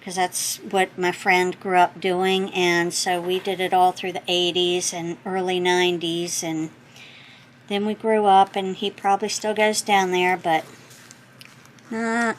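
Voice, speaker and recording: A middle-aged woman hosting a craft channel, chatting as she opens mail, gushing and thinking out loud as she corrects herself. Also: fairly low pitch, steady tone, unhurried, a little hiss or hum, rough recording. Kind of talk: casual chat opening happy mail.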